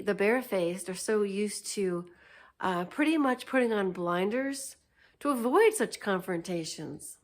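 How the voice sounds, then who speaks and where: Woman vlogger, casual unscripted storytelling, unhurried and chatty, laughs often. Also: medium pitch.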